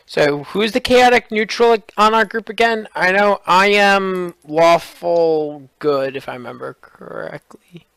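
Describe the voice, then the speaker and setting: A man's voice: high voice, measured pace, creaky, a bit bright, clear, resonant tone, dry recording. A man playing in a tabletop game, chatting casually and then announcing the schedule. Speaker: player and stream organizer. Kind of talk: casual tabletop role-play chat.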